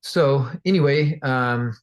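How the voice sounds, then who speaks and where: Male real estate trainer, mid-pitched everyday voice, chatty storyteller who acts out the characters in his anecdotes. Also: slow. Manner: animated, acts out quoted voices; conversational with fillers and restarts. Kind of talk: casual storytelling lesson.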